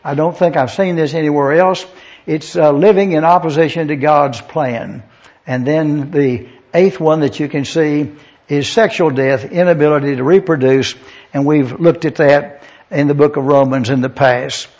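A man's voice: a little high, fairly even intonation, normal speed, a little mellow. A man preaching a methodical Bible lesson in a church, spelling out Greek words letter by letter. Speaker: pastor. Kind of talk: verse-by-verse Bible teaching. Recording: dull lo-fi recording.

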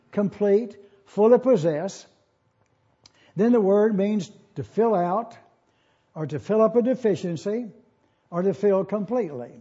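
A pastor teaching a Bible lesson, spelling out words letter by letter and repeating key phrases slowly. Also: male voice, sits high, mellow, husky. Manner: slow, deliberate, spells out Greek words letter by letter. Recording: dull lo-fi sermon recording.

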